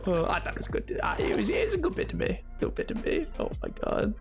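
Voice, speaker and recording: A man hosting a live game stream, talking off the cuff and teasing his chat. His pitch jumps around animatedly as he rambles from topic to topic. Faint music plays behind him. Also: huge pitch swings, fast, few pauses. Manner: rambling, playful, talks to chat. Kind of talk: casual live-stream chatter while gaming.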